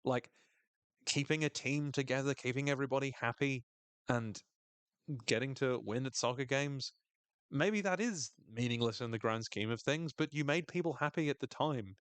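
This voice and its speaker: A man in the middle of his range, talking through a TV episode with lively enthusiasm and casual swearing. He keeps slipping into little voices for the characters he quotes. The sound is close and dry, with no room around it. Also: medium pitch, normal speed, clear, resonant tone, dry recording. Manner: enthusiastic, swears freely, acts out quoted lines in shifting voices. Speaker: podcast host recapping a TV episode. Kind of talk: casual recap chat.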